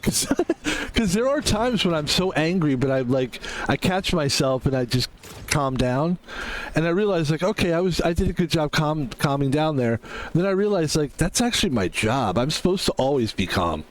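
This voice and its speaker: A male streamer talking off the cuff during a game. His voice sits a bit high and swings widely up and down, and he rambles from thought to thought with a self-mocking, foul-mouthed streak. The talk is loose and unscripted. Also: sing-song, normal speed, a little hiss or hum. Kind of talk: casual chat while gaming on stream.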